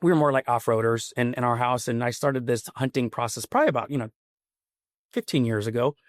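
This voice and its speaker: A man's voice: medium pitch, expressive, brisk, no room sound. Earnest man telling a story, dry sound. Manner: rambling, earnest, full of "like" and "you know". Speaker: podcast guest, company CEO. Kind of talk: casual storytelling.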